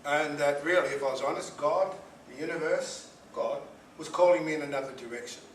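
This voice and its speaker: A man's voice: on the high side, fairly quick. A man, giving a live inspirational talk with humorous, self-deprecating stories. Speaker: motivational speaker. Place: event room with live audience. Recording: echoey room, distant mic, noisy.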